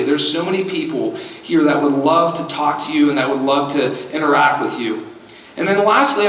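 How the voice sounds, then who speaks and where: A man's voice: a little high, a bit bright, slight background noise. A man preaching a sermon to his congregation, telling a story earnestly and acting out the quoted voices in it. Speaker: pastor. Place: church hall. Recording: echoey hall, distant mic.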